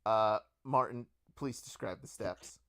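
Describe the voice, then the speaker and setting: Slow-talking man running a tabletop game. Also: lowish voice, bright, forceful tone. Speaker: game master.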